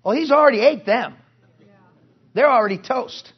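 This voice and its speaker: A man preaching at a conference in a strikingly high, husky voice. He drives his points hard but breaks into wry jokes along the way. The recording sounds dull and lo-fi. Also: normal speed. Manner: forceful preaching with joking asides. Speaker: pastor. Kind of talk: sermon. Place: conference hall.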